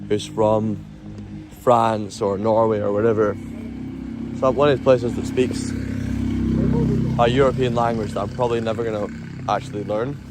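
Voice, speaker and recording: A man's voice: fairly low pitch, background noise. Chatty Scottish man streaming on the street. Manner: chatty, swears a lot, talks to chat. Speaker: livestreamer. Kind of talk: casual street livestream. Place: outdoors on a city street at night. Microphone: handheld phone.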